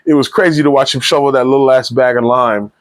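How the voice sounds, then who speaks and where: A man giving a casual spoiler movie review, retelling scenes in a rambling, animated way full of slang and restarts. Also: mid-range voice, fast, dry recording.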